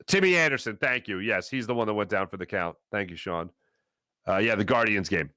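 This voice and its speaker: A middle-aged man hosting a live sports talk show, answering chat in a rambling, animated way. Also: brisk, dry recording, clean studio sound. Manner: animated, rambling, swings between low asides and loud bursts.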